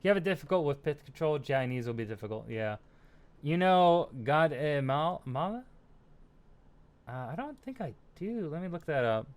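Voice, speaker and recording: This young American man's voice sits on the high side and has a sing-song lilt, moving at a moderate pace with a clear, resonant tone. As host of a stream, he chats casually and reads viewer comments, rambling, self-deprecating, and full of fillers and laughter.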